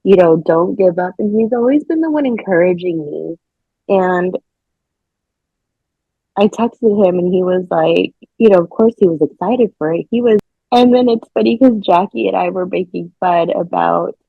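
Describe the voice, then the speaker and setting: Husky lady guest, low voice, dull lo-fi dry sound, chatty and excited. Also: moderate pace, no echo. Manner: excited, laughing, swears casually. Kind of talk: casual storytelling.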